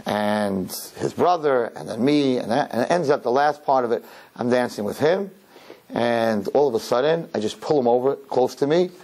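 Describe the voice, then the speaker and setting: A rabbi telling a lively personal story to an audience, acting out the dialogue as he goes. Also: mid-range voice, moderate pace. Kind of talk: storytelling talk.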